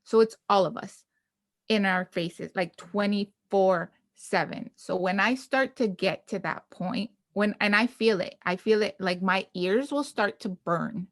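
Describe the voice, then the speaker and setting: A chatty woman podcast host in her thirties, from Canada, telling stories in an animated, lively way. Her voice sits in a middle pitch and sounds close and dry, with no room sound. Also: a little slow, dry recording. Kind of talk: casual chat.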